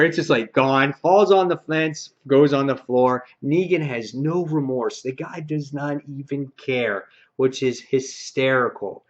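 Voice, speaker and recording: A man reviewing a comic book in a casual, rambling, excited way, full of fillers and quoted lines. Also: medium pitch, a little slow, hardly any pauses. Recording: dull lo-fi recording.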